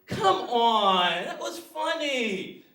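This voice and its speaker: A man's voice: very high voice, sing-song, very slow, bright, forceful tone, voice pushed up, heavily acted. A man voicing a pushy, unfunny young man who whines and insists that his jokes are funny. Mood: pleading. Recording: roomy live club sound from far off.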